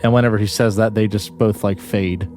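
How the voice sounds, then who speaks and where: A man's voice: lowish voice, fairly even intonation, fairly quick, darkish tone, faint music behind. A man narrating as game master in a tabletop game, describing scenes loosely with many restarts.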